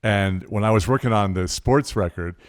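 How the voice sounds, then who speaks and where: A man's voice: lowish voice, moderate pace, no room sound, studio quality. A man talking casually from his home as a guest on a call-in interview, stammering a bit and laughing as he tells stories. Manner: animated storyteller, laughs and stammers. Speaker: guest composer.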